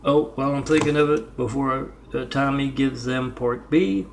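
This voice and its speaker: Man, mid-pitched, gravelly, rambling vlog talk, self-promoting, spells out addresses. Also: normal speed, slight background noise. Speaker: artist vlogger.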